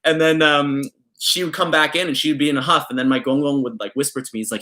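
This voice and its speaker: A young man from Canada vlogging, telling a personal story in a rambling, casual way full of fillers, getting animated when he acts out family members. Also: fairly high pitch, quick pace.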